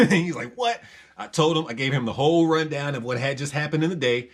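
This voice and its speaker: Animated man telling a story. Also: fairly high pitch, a little fast. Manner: animated, acts out other voices, swears, laughs often. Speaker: vlogger telling a prison story. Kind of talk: casual storytelling.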